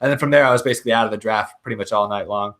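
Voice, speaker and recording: A man on a casual podcast, telling race stories, animated and breaking into loud yelps. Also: fairly low pitch, racing. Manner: animated storyteller, yelps "whoa" loudly. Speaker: podcast co-host. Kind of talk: casual chat about sim racing.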